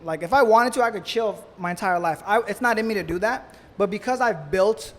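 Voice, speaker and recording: A man in his twenties, a podcast host, telling stories fast and loosely with a lot of swearing. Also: high voice, in a large hall. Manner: fast, profane, animated storytelling. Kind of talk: casual podcast chat. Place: Florida.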